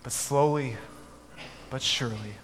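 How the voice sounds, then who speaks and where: A man telling a family story to an audience in a measured way, with his voice dropping softly at the ends of lines. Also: medium pitch. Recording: echoey hall, faint background noise.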